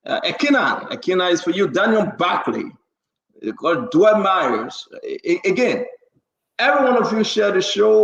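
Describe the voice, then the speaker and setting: A man who is both a show host and a preacher runs a live talk show in the New Jersey area, greeting viewers by name and stumbling over hard names as he reads them. His voice is a little high and fairly bright, in a roomy, rough recording.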